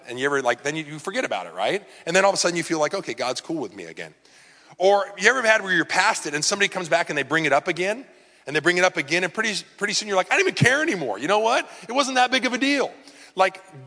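A man's voice: fairly high pitch, sharp tone, big-room sound. A man preaching a sermon in a conversational, earnest way, often acting out the words of the people he talks about. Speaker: pastor.

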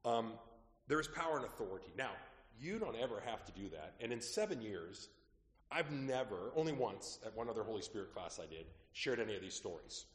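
A man preaching as a pastor, telling stories in a lively, conversational way that drops quietly at asides. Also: lowish voice, brisk. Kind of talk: sermon storytelling. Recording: echoey hall with long reverb.

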